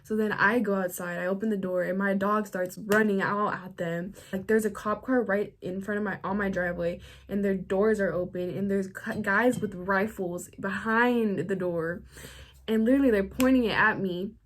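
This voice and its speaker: A woman's voice: medium pitch, fairly even intonation, moderate pace. A young woman vlogger telling a story to camera in a casual, chatty way, full of slang and "like.". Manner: chatty, filler-heavy slang, frequent "like".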